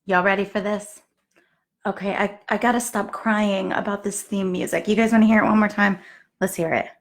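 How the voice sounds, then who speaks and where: A woman hosting a live stream, bubbly and excitable, chatting with her viewers. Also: mid-range voice, moderate pace. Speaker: fitness business show host. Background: faint music.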